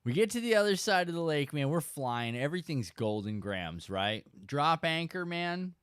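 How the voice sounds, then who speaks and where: A man hosting a casual fishing livestream, telling a story with animated emphasis and chatting to viewers. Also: on the high side, normal speed, clear, resonant tone, dry recording, clean studio sound. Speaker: fishing channel host.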